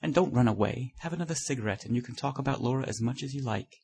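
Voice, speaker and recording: A man's voice: medium pitch, quick pace, vocal fry, a little mellow, slightly rough. A man reading the part of a witty society painter who teases his friend, in a breezy, amused way. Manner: breezy, teasing.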